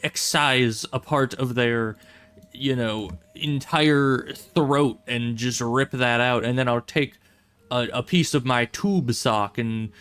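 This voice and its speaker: A man's voice: medium pitch, slow pace, fairly bright tone, clean tone. A man voicing a frantic, absurd male TV doctor, over-the-top and mocking. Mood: mock-urgent.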